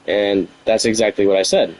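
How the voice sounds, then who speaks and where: A man's voice: fairly low pitch, steady tone, normal speed, a little mellow, low-quality recording. A man streaming, venting at length about an argument in an aggrieved, rambling, repetitive way.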